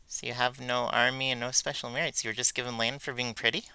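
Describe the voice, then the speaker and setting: A man's voice: mid-range voice, level tone, fast, bright, forceful tone, clean tone, dry recording. A man reading a blunt young baroness. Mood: cutting. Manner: blunt and cutting. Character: bold young female baroness, blunt and sharp-tongued.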